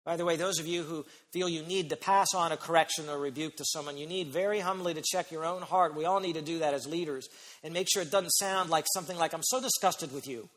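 A man preaching a sermon as pastor, emphatic, slowing down and stretching key phrases. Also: on the high side, steady tone, fairly bright tone. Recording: long hall reverb.

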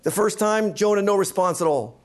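A man's voice: high voice, brisk. A man, a pastor and counseling instructor, giving an emphatic teaching lecture and often checking in with "right?". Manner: emphatic, repeats key points, asks "right?".

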